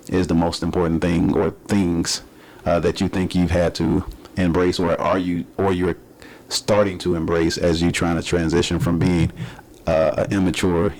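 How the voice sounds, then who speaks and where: Gravelly deep-voiced man hosting. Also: darkish tone. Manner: rambling, halting, many restarts and fillers. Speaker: podcast host. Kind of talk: casual interview.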